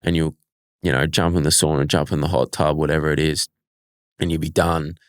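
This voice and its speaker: Deep-voiced Australian man, smooth tone. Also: brisk, no room sound, studio quality. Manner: relaxed storytelling, easygoing. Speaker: NFL punter, guest. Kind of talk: casual interview chat.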